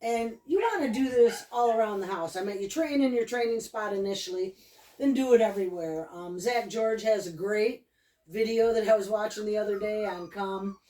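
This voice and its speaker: A woman's voice: mid-range voice, moderate pace, warm tone. A woman dog trainer giving a loose, chatty lesson at home, often repeating cues and praise to her dog. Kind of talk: casual training demonstration. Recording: echoey room, mic at a distance.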